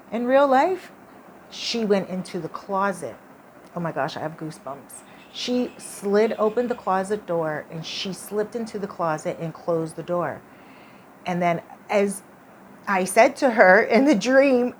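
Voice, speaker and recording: A woman's voice: medium pitch, a little hiss or hum. A woman vlogger telling a personal story in a chatty, casual way, full of "like" and "you know".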